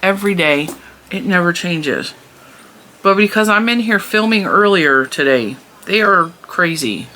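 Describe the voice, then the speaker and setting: A woman's voice: fairly low pitch, lively intonation, unhurried, sharp tone. A woman, hosting a crochet vlog and chatting on in a rambling way at home, laughing often. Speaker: crochet channel host. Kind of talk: casual chat to camera. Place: home room.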